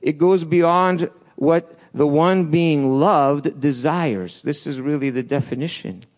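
A man preaching a sermon in a church, swinging between loud urgent peaks and soft low asides, with restarts along the way. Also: takes it slowly. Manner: passionate, rises and falls, restarts, acts out quotes.

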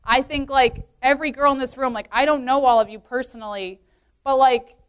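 Chatty young woman with high voice. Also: steady tone, brisk, smooth. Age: 20s. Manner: chatty and earnest, heavy use of "like", laughs often. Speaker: youth leader speaking at a women's meeting. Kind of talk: casual testimony talk.

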